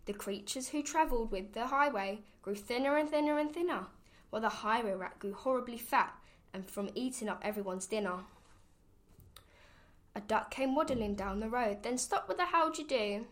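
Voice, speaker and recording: A woman reading a rhyming children's picture book aloud, with a rhythmic, expressive sing-song delivery. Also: on the high side, moderate pace. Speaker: storybook reader.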